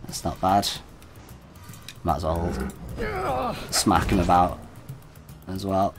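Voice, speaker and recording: A man's voice: low voice, huge pitch swings, slow, music in the background. A man giving chatty, self-deprecating commentary while streaming a game. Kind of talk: let's play commentary.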